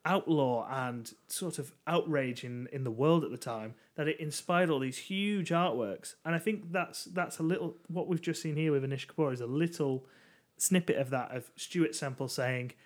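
Brief: male podcast co-host, rambling reflective chat, slightly high voice. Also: normal speed. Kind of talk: casual chat.

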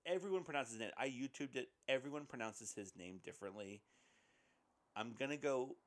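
A man's voice: mid-range voice, moderate pace. A man co-hosting a podcast, chatting casually about movies and hesitating often with ums and uhs. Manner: rambling, hesitant with many ums. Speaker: podcast co-host. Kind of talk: casual film discussion.

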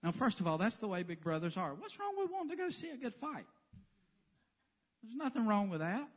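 A man's voice: high-pitched, brisk. A man preaching a sermon in a church sanctuary, telling the story with humor. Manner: animated, joking storyteller. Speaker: pastor.

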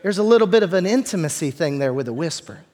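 A man preaching a sermon as pastor, talking in a relaxed, conversational way with repeated words and joking asides to the congregation, in a church. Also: sits high, fast talker. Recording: long hall reverb.

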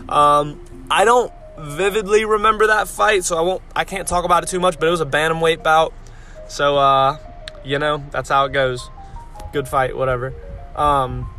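Bright-voiced man ranting and swearing. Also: a little high. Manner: blunt, swearing, rambling with many fillers; sounds out hard names letter by letter. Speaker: fight-sport vlogger. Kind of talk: casual profane rant.

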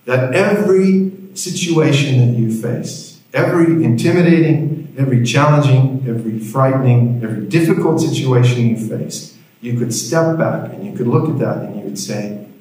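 A man's voice: mid-range voice, moderate pace, a little mellow. A male pastor preaching a sermon, telling a story with dry humor, recorded in a church hall. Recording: heavy room echo.

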